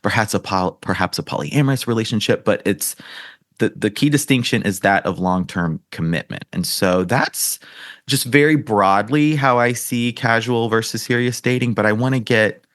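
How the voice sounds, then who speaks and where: A man's voice: on the low side, normal speed, no room sound, studio quality. A man hosting a casual podcast interview in his morning voice, affirming his guest often. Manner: warm, affirming, many "mm-hmm"s. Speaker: podcast host, dating coach.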